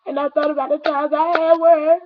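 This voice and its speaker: A woman's voice: high-pitched, level tone, fairly quick. A young woman telling a personal story to her viewers, earnest and rambling, often repeating herself and talking straight to the audience. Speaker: vlogger. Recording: dull lo-fi recording.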